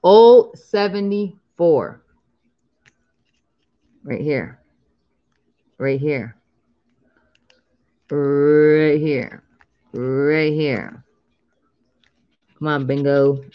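A woman's voice: deep voice, dull audio. Chatty woman calling bingo numbers. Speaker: lottery scratch-off vlogger. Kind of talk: casual live-stream chat.

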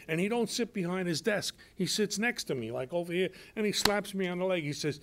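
Animated man telling stories. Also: high-pitched, fairly quick, few pauses, a little hiss or hum. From Brooklyn, New York. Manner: animated, acts out quoted voices. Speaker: guest actor and nightclub comic. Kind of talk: radio show storytelling.

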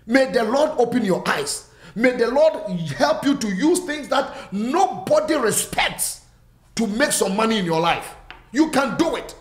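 A man preaching with fervent, driving repetition, stacking phrase on phrase. His voice sits high for a man. The room gives it a clear echo. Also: lively intonation, a little slow. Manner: quieter, friendly greetings to online viewers. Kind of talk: sermon.

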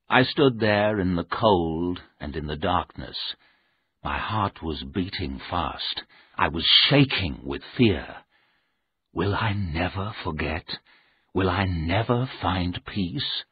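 A man reads a story aloud, slowly and with lively rises and falls. His voice is low and very husky. The sound is thin and tinny, like a phone line. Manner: slow, expressive, with lively rise and fall. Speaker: audiobook narrator. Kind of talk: scripted story narration.

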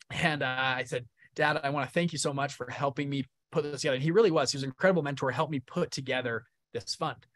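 Young male presenter, live webinar, upbeat and chatty, slightly higher voice, dry close sound. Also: a bit bright, dry recording. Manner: upbeat, casual, keeps checking in with listeners. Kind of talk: live online teaching talk.

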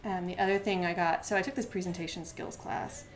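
Fast-talking chatty woman streamer. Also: fairly low pitch, soft background music. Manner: fast-talking with many filler words; counts aloud softly while working. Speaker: crafting live-streamer. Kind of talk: chatty live-stream talk while crafting. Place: at home, standing at a desk.

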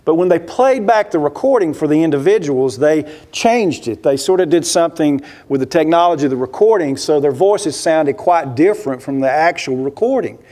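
A man's voice: fairly high pitch, animated, normal speed, few pauses, dark tone. A man, a pastor, preaching a sermon in a church, telling a story with many rhetorical questions and acting out the voices he quotes. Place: church sanctuary.

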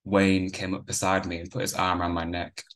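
A man reading his own novel aloud in a measured first-person narration. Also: low voice, monotone, a bit bright.

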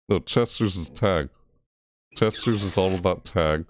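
A man's voice: low-pitched, animated, normal speed, darkish tone, dry recording. Jumpy man narrating a horror game. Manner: jumpy, yelps and cries out at scares, grumbling at the game. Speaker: gaming channel host. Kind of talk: horror game let's play commentary.

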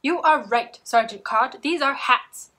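A woman's voice: sits high, a little slow, sharp tone, exaggerated voice. A woman voicing a playful grown man playing detective, with a put-on near-British accent and grand, theatrical declarations.

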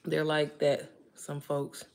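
A woman in her thirties chatting casually to her viewers, animated and talkative, calling them girl and baby. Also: low-pitched, takes it slowly, slight background noise. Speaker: vlogger talking to viewers while cooking. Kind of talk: casual chat.

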